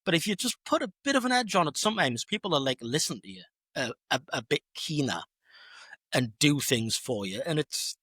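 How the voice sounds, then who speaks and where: A middle-aged man co-hosting a podcast in casual chat, chatty and self-mocking with quick asides. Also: fairly high pitch, big pitch swings, sharp tone, slightly rough, dry recording. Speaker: podcast co-host.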